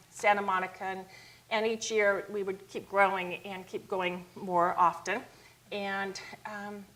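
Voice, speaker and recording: Animated middle-aged woman telling stories. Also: poor audio. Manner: animated storyteller, acts out quotes in a higher voice. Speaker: founder of a youth outreach charity. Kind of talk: storytelling in a TV talk interview.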